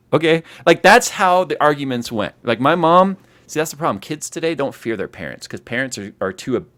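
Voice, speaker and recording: Fast-talking man telling a story. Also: mid-range voice. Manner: animated storyteller who acts out scenes. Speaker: host. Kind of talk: casual livestream chat.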